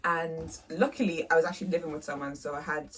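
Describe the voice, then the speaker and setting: A young woman, co-hosting a podcast in casual chat, lively and reactive. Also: low voice, fast. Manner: lively, reactive, laughs easily. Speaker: podcast co-host. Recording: voice from a distance off the mic.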